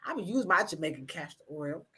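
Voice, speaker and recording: A woman's voice: lowish voice, big pitch swings, fairly quick, a bit bright. A woman hosting a casual livestream chat, playful and teasing, with slangy mock-scolding asides. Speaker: livestream host.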